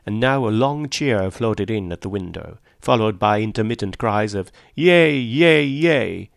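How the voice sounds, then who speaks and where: Low, gravelly male audiobook narrator. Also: no echo, clean studio sound. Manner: measured, literary. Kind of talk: scripted narration.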